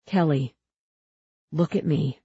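A woman reading an audiobook voices a calm, steady man who talks firmly and soothingly. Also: on the low side, normal speed, husky, dry recording, muffled recording.

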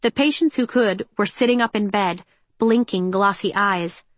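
A woman narrates an action-filled audiobook with a measured, tense, expressive delivery. Her pitch sits in the ordinary middle range. The recording is dry and close, with no room sound. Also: dry recording.

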